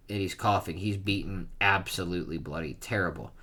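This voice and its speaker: Bright-voiced rambling male streamer. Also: deep voice, a little fast. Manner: rambling, filler-heavy. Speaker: manga reaction streamer. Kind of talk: casual reaction commentary.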